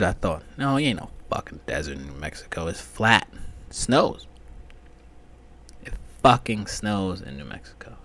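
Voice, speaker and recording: A man hosting a casual comedic podcast monologue, rambling profanely with frequent fillers and sudden loud outbursts. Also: low-pitched. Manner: frequent fillers like um and you know. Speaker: podcast host.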